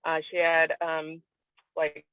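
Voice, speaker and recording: A woman's voice: deep voice, monotone, takes it slowly, clean tone, dry recording. A woman giving an earnest, emotional personal testimony on a video call, candid and at times tearing up. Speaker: guest sharing a testimonial. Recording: tinny, dry phone-line audio.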